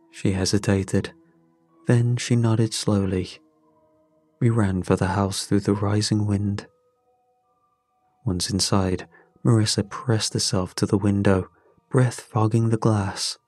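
Guy reading a story out loud, really slow, low husky voice, dry sound. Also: fairly even intonation, no echo, soft background music. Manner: slow, measured. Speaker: narrator. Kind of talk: first-person story narration.

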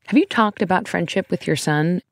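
Podcast interviewer, encouraging, mid-pitched voice, dry close sound. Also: a little fast, gravelly, dry recording. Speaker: podcast host. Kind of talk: casual interview.

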